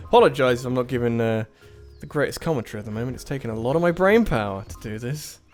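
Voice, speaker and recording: A man with an expressive, medium-pitched, slightly mellow voice gives fast, casual commentary while playing a puzzle game, muttering to himself as he reasons it out. He drops self-deprecating asides and sudden frustrated outbursts, with soft music playing in the background.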